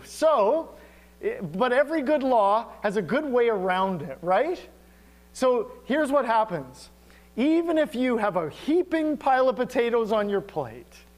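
A middle-aged male pastor preaching a sermon, telling stories with humor and acting out bits of dialogue. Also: extremely high pitch. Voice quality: animated, humorous storytelling with acted-out dialogue.

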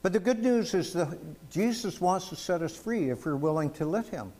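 A man's voice: high voice, animated, moderate pace, a little mellow. A man preaching a sermon, telling testimonies with emphasis and asking the congregation "amen?". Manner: storytelling, emphatic, asks "amen?".

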